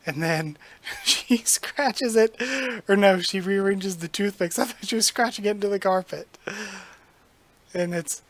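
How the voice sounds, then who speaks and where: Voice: mid-range voice, unhurried. A youtuber reading a manga aloud with reactions and amused, chuckling asides.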